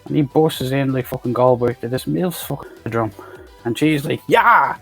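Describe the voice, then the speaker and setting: A man rattles through a movie plot in a husky, mid-pitched voice. He swears freely, wanders off on tangents and drops sarcastic asides. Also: fairly even intonation, moderate pace, a little mellow, soft background music. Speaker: film reviewer. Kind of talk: profane comedic movie recap.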